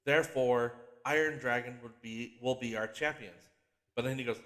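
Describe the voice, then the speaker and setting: A man hosting a podcast, recapping a TV series in an excitable, profane, animated way and often restarting his sentences. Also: mid-range voice, moderate pace. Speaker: podcast host.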